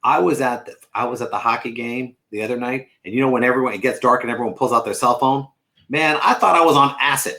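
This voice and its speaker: A man's voice: medium pitch, fast, sharp tone. A man, a lawyer and comedian, telling rambling, stammering stories in a casual chat.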